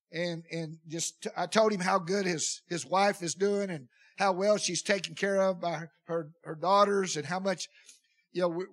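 A man's voice: sits high, fairly bright tone. An older man preaching, telling a personal story in a folksy, emotional way with frequent restarts. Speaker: pastor. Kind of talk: sermon storytelling.

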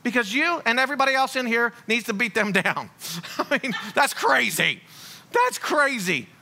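A man preaching with a high, bright voice that jumps all over the place. His delivery is blunt and playful, full of jokes and sudden emphasis. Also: normal speed, vocal fry. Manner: lively, joking, blunt preaching with sung snippets. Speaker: pastor. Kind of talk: sermon.

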